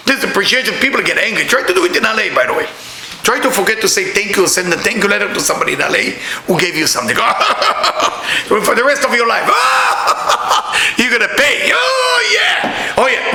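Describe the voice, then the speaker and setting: Animated Israeli man teaching with jokes. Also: high voice, echoey room, slight background noise. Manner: animated storytelling, blunt and joking. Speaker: kabbalah teacher. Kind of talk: spiritual talk.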